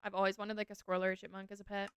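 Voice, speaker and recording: A woman's voice: medium pitch, level tone, racing, clean tone, dry recording. A woman streaming a game, chatting casually with her viewers and gushing over cute animals.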